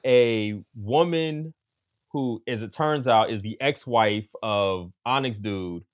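A man hosting a casual podcast about a film, talking in an animated way and acting out what he thought. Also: on the low side, takes it slowly. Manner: animated, acts out quotes, frequent "like". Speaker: podcast host.

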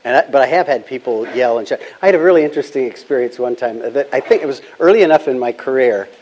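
An older man speaks in a calm, measured voice, walking through his points with anecdotes from a long career. He sounds like a guest being interviewed. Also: medium pitch, slight background noise, poor audio. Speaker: guest, business founder. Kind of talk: storytelling interview answers.

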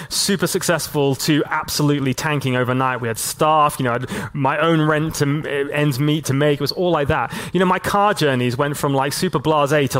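A man preaching a sermon as a pastor, talking in a relaxed, conversational way with lots of casual fillers and slowing right down to stress key lines. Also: a little high. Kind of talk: sermon to a church and online audience.

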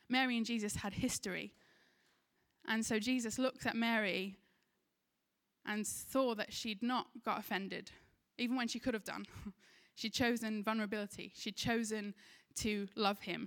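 A woman's voice: mid-range voice, steady tone, moderate pace, a bit bright. A woman with an English accent preaching a sermon, retelling a scripture story in an earnest voice and briefly acting out the people in it. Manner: earnest storytelling, acts out quoted lines.

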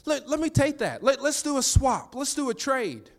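Guy putting on god as an eager dad, way higher than his own voice, coaxing, says it over and over. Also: very animated. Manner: coaxing, repeating offers in quick bursts. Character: God as an eager, reassuring heavenly father offering to carry burdens.

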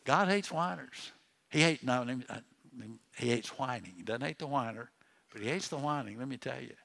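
A man's voice: medium pitch, a little fast, creaky, fairly bright tone. An older man, a pastor, preaching a sermon in a conversational way, often restarting his sentences and turning to the congregation with asides. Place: church.

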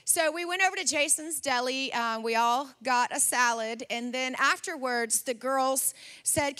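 A woman in her forties delivers a sermon through a lively personal story. Her voice sits high and sounds bright. She jumps into the voices of the people in the story as she tells it. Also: unhurried. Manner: animated storyteller, acts out her son's voice. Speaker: pastor.

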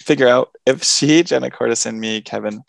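A young man co-hosts a casual podcast, rambling and self-deprecating as he fills his talk with "like" and "um". His voice has a gravelly, creaky edge, and it sits at a middling pitch. It is recorded close and dry, with no room sound. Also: moderate pace, dry recording. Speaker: podcast co-host. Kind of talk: casual chat.

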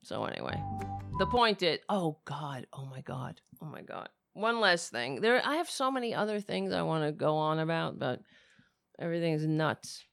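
A woman with a cracking, raspy voice, talking casually at home in a rambling, swearing vlog. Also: deep voice, very animated, moderate pace, a bit bright, dry recording, studio quality. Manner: swears freely, rambles and talks to her cats.

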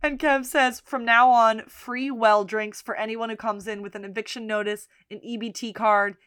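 A woman's voice: a little high, steady tone, normal speed, fairly bright tone, smooth. A woman co-hosting a podcast, casually retelling a TV episode's plot and quoting its characters, with frequent laughs. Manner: narrates plot, quotes characters, laughs often. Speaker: podcast co-host. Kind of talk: casual recap chat.

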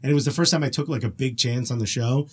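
A man chatting as a podcast guest, an animated storyteller who laughs often. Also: medium pitch, quick pace, husky. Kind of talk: casual podcast chat.

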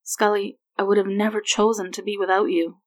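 Woman reading as a remorseful grown man, halting, stammering, emotional, middling pitch. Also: flat delivery, close to an everyday voice.

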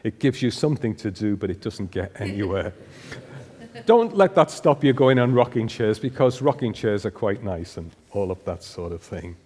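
A man's voice: lowish voice, sing-song, moderate pace, mellow. An older man giving a humorous sermon, putting questions to the congregation in a church. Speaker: preacher. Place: church hall. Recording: long hall reverb.

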